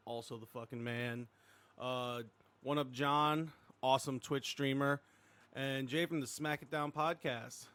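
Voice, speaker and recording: A man's voice: medium pitch, a bit bright. A man giving a casual episode intro for his podcast, running through topics and thanking supporters. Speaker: podcast host.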